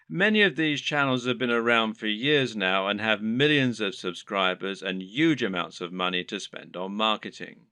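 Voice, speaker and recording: Man narrating an online course, bright and dry. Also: on the low side, clean tone, dry recording. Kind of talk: scripted narration.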